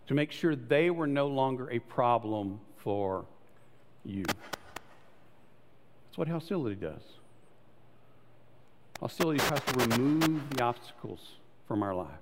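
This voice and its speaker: A man preaching a sermon in a conversational way, acting out the people in his stories. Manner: conversational preaching, acts out voices with rising pitch. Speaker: pastor. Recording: long hall reverb.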